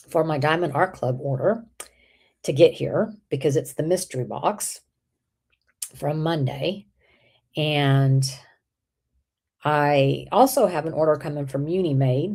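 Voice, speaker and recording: A woman hosting a casual livestream, chatting with viewers, with an irritated throat she keeps clearing. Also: low voice, mellow. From Texas. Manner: chatty, rambling, reads out viewer comments. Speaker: livestream host.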